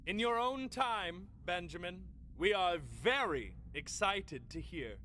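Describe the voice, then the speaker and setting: An actor playing a polite, formal admissions interviewer at a music school who turns a student down in measured words. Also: male voice, high-pitched, lively intonation, bright, forceful tone, slight background noise, exaggerated voice. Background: game music.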